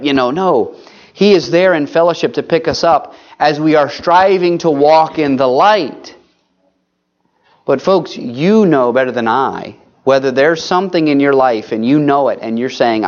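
A man's voice: medium pitch, lively intonation, moderate pace, lo-fi sound. A man preaching a sermon, earnest and pleading, often calling his listeners folks.

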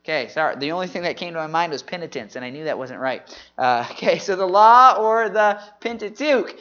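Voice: medium pitch, expressive, fairly quick, fairly bright tone, muffled recording. A Bible class leader running a group memory drill, talking energetically and often saying "man".

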